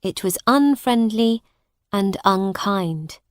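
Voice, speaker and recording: A woman reads a simplified audiobook for learners, slowly and clearly. Her pace is extremely slow, and the recording is dry and close. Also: medium pitch, lively intonation, no echo. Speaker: narrator.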